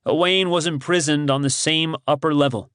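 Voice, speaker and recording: A man narrating an audiobook in measured, dramatic storytelling on a close studio mic. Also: fairly high pitch, steady tone, a bit bright, smooth, no room sound. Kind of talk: scripted narration.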